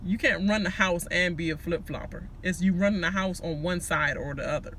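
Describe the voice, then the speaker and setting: A man from Washington D.C. giving a casual ranting TV recap, profane and animated, laughing and slipping into impressions. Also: high voice, brisk, hardly any pauses, a little hiss or hum. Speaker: recap vlogger.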